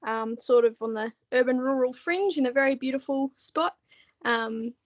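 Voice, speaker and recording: A woman's voice: sits high, normal speed, muffled recording. An Australian woman, a podcast guest, chatting casually with frequent laughs and ums. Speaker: podcast guest, book editor. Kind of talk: casual interview chat.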